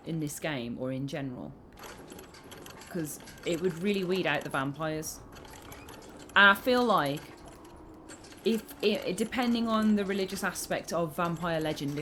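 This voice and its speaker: A woman's voice: low-pitched, noisy background. A British woman chatting casually on a live stream, reading comments aloud and making giggly asides.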